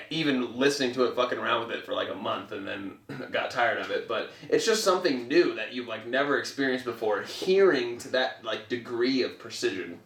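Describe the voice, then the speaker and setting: Lively man, far from the mic. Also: medium pitch, vocal fry, reverberant. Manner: lively, loose, swears and laughs. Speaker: podcast co-host. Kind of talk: casual chat over a beer.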